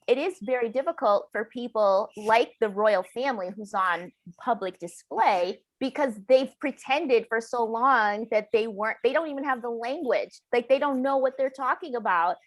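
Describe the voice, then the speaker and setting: An American woman author in a conversational interview, animated and laughing, quoting others in mocking voices. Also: a little high, normal speed. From United States. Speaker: author guest.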